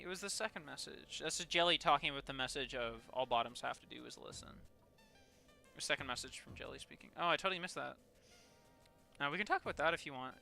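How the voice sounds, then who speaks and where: A man's voice: fairly high pitch, creaky, pushed and bright. A man streaming a video game, casually chatting with viewers, swearing and laughing often. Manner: swears a lot, laughs often, banters with chat. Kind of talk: casual gaming stream chat.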